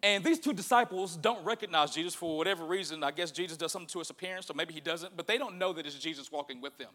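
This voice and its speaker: A male pastor preaching a sermon, animated and swinging from hushed to loud. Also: a little high, fast.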